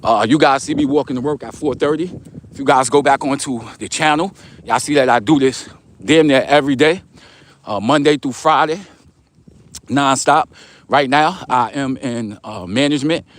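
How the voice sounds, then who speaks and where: A middle-aged man with a New York accent walks outside before dawn, reading live chat comments aloud during a casual stream. He sounds laid-back and streetwise, with a mid-range voice at a moderate pace.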